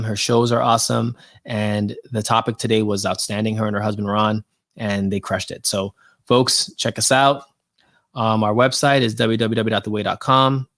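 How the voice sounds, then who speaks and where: A man hosting a podcast livestream, talking in a loose, chatty way full of fillers and restarts. His voice sits at an ordinary middle pitch. The sound is dry and close, with no room echo. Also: fairly bright tone. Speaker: podcast host. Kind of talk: casual livestream sign-off.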